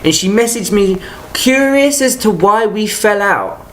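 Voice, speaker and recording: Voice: medium pitch, lively intonation, unhurried, a bit bright. A vlogger ranting to the camera about a personal grievance, swearing freely and exasperated throughout. The talk comes in choppy bursts, with words restarted and sentences abandoned midway. There is a faint background hiss under the voice. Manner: profane, exasperated storytelling; talks in stop-start bursts with restarts.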